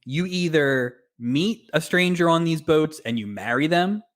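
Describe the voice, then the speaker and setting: Male podcast co-host, lively pitch, opinionated, conversational. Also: unhurried. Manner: animated, opinionated commentary. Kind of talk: casual podcast chat.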